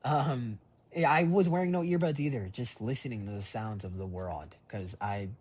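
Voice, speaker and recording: A man's voice: medium pitch, normal speed, a little mellow, breathy edge. A young man recording a rambling, reflective voice memo diary on his phone, full of fillers and restarts. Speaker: voice diary keeper.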